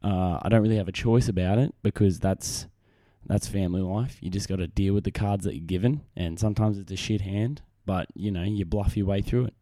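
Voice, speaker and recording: A man's voice: low-pitched, steady tone, brisk, few pauses, dark tone, dry recording, clean studio sound. A young man with an Australian accent, hosting a casual solo podcast in a rambling, self-deprecating way. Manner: rambling, self-deprecating, frequent restarts and fillers. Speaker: podcast host. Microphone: desk microphone on camera.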